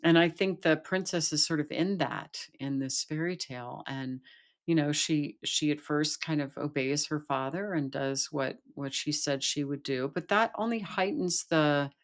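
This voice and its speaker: A woman's voice: low voice, normal speed. Thoughtful woman retelling a fairy tale. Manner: thoughtful, lots of restarts. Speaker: guest, Jungian analyst and author. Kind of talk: podcast interview, storytelling.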